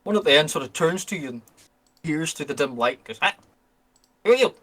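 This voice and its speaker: A man's voice: fairly high pitch, fast talker, fairly bright tone. A man narrating a tabletop game as game master in a loose, casual way.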